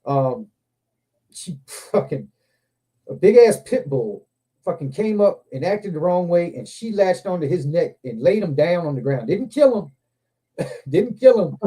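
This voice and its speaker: A man with a somewhat high but mellow, dark-toned voice, hosting a casual livestream. He tells long, rambling stories full of swearing, jumping between thoughts and getting animated as he goes. It sounds like relaxed, unscripted chat. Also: measured pace, husky. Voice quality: profane, rambling, animated anecdotes. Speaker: livestream host.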